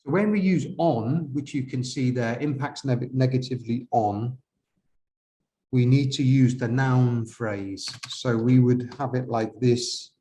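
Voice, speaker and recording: Male IELTS examiner, unhurried, hesitant delivery, teacherly questions to the class. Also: medium pitch, mellow. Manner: slow, hesitant, questions to viewers. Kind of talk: classroom-style essay correction.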